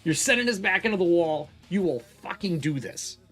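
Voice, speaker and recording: A man's voice: sits high, lively intonation, normal speed, a bit bright, slightly rough, faint music behind, exaggerated voice. A man voicing a pushy, short-tempered male cartographer adventurer who talks curtly and swears. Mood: furious. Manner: curt, profane, demanding.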